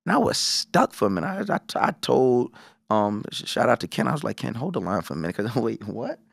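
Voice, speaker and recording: A gravelly, medium-pitched male voice speaks briskly in a clean studio recording without room sound. He's a podcast co-host telling a story in casual chat, cursing freely and animatedly acting out people's quoted words.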